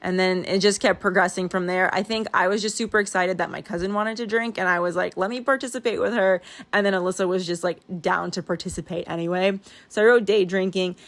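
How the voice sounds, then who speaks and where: A woman's voice: medium pitch, fairly even intonation, fast, few pauses. A young woman chatting casually over her planner pages, rambling and laughing often with a wheeze. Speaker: planner vlogger.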